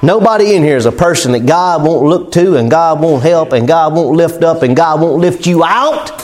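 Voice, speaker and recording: A pastor with a notably high-pitched voice delivers a sermon. He talks to the congregation like neighbors, folksy and conversational, chuckling at his own examples. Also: normal speed, darkish tone.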